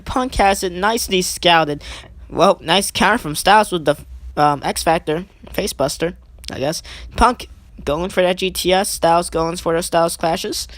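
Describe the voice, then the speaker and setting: A woman giving eager play-by-play wrestling commentary over a video game, climbing high in pitch as she counts pins, with chatty asides. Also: dry recording. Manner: excitable, rising sharply on pin counts, chatty asides. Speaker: gaming channel host.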